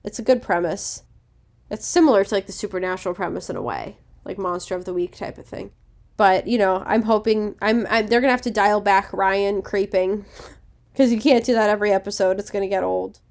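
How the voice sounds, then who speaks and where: A woman's voice: mid-range voice, fairly quick, a little mellow. Chatty confident woman podcast co-host. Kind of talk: casual chat.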